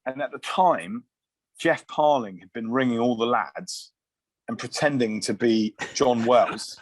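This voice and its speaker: A man in his thirties telling loose, animated rugby stories in casual podcast chat. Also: medium pitch, unhurried, no echo. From England. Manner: animated, swearing anecdotes with asides and restarts. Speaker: guest, former rugby player.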